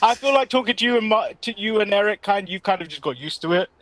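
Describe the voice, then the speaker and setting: Brief: English male co-host, slightly high voice, dry close sound, loose rambling banter. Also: quick pace, dry recording. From England. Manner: laughs often, lively and rambling. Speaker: podcast co-host. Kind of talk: casual chat.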